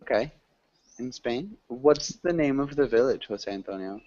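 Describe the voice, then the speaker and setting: A man's voice: mid-range voice, normal speed, no echo. Dull-sounding male online teacher, rambling. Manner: relaxed, rambling, many fillers. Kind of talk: casual online class chat.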